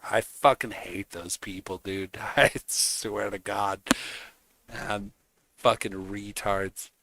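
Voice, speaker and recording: A man's voice: lowish voice, steady tone, slow pace, sharp tone, dry recording. A man streaming, ranting casually in a heated, mocking way, swearing constantly. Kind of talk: casual rant.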